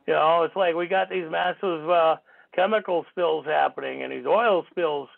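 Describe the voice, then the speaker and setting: A man's voice: fairly high pitch, moderate pace, gravelly. A man hosting a call-in radio talk show, rambling and indignant, swearing casually, heard over a tinny phone line.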